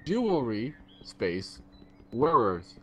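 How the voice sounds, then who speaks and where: Casting note: male gamer, goofy banter, pitch swings all over, stumbles on words. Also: very animated, slow pace, bright, forceful tone, muffled recording, slight background noise. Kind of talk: casual gaming chat.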